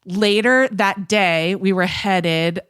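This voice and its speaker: A woman's voice: medium pitch, takes it slowly, a bit bright, clean tone, no room sound, studio quality. A woman co-hosting a podcast, telling anecdotes in a casual way and laughing as she goes. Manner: laughing storyteller. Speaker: podcast co-host. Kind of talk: casual chat.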